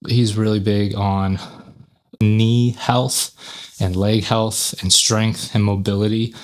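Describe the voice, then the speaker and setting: Chatty low-voiced gym vlogger man. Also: level tone, takes it slowly. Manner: chatty, rambling, self-correcting. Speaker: fitness YouTuber. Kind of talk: casual workout vlog talk.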